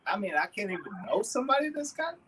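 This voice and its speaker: A man's voice: sits high, sing-song, quick pace, crowd noise. A man from the American South calling in to a livestream show, ribbing the host in a dry, joking way. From Southern United States. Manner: wry ribbing. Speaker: caller. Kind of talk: casual call-in chat.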